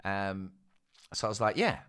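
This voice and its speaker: Deep-voiced man telling a story. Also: lively intonation, measured pace, a bit bright. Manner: chatty, self-mocking, asides to listeners. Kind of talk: casual spoken anecdote.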